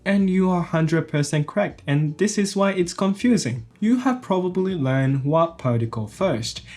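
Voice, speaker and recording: Lively male language teacher. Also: sits high, normal speed. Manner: explains step by step, repeats each example sentence twice. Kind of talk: explanatory video lesson.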